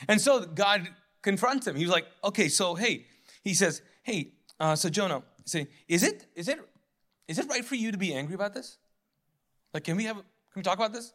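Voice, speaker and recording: A pastor giving a sermon in a lively, conversational way, joking, laughing at his own lines and acting out the voices of biblical figures. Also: high-pitched, moderate pace.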